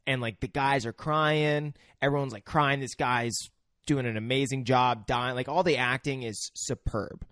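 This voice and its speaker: A man's voice: mid-range voice, steady tone, moderate pace, a bit bright, dry recording, studio quality. A man co-hosting a podcast, talking earnestly and a bit ramblingly about film acting, with slang. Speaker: podcast co-host.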